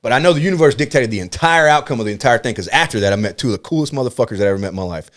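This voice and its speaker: Fast-talking profane male storyteller. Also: mid-range voice. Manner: fast, profane, animated storytelling with acted-out quotes. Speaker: comedian guest. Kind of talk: casual podcast storytelling.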